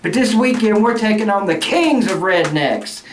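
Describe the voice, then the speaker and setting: A man's voice: sits high, expressive, moderate pace. A middle-aged man, an angry sports fan venting in a profane rant. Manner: angry, cussing, loud outbursts. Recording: roomy echo, faint noise.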